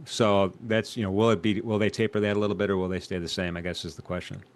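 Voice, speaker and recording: A man with a fairly low voice co-hosts a live trading broadcast. He talks loosely and conversationally and often turns to the others with questions. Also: level tone, fast. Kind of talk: live market discussion.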